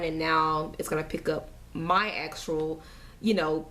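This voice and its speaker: A woman's voice: sits low, fairly even intonation, measured pace, a bit bright. A young woman giving a casual pregnancy update vlog, nauseous and a little out of breath, chatty and rambling with many fillers. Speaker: family vlogger.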